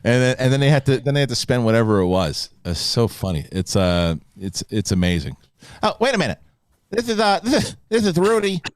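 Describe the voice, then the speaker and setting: A man's voice: medium pitch, sing-song, a little fast, dry recording. A man hosting a live online show, ranting in casual banter with crude jokes. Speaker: host.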